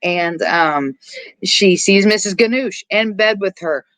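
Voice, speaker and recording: A podcast host recapping a horror film in casual chat, animated and profane, with lots of filler words and acted-out bits of dialogue. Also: mid-range voice, dry recording. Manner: acts out characters' lines in quick asides.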